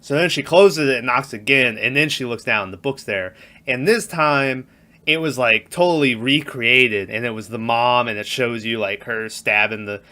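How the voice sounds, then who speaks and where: A man's voice: medium pitch, moderate pace. A man co-hosting a casual movie podcast, retelling scenes and acting out quotes. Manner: animated, acts out quotes in raised voices. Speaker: podcast co-host.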